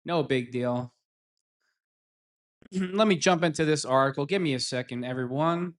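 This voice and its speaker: A man's voice: on the high side, normal speed. A man hosting a solo live-stream sports talk show, rambling and mocking in a sarcastic tone.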